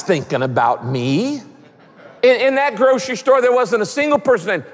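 A man preaching a sermon as a pastor, conversational and animated, with humor. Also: very high voice, moderate pace, long reverb tail.

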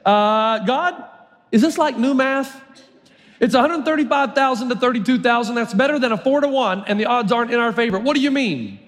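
A nervous young male leader, baffled and pleading, as a preacher acts him out, in a fairly high voice. He sounds incredulous, and a long hall reverb hangs behind his words. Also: lively intonation, normal speed.

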